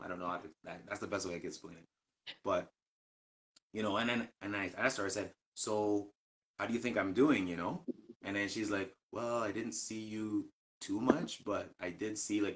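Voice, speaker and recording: A man with a notably low voice tells a story from work in a relaxed live chat. He rambles, restarts his sentences and fills the gaps with "you know" and "like.". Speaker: co-host telling a work story.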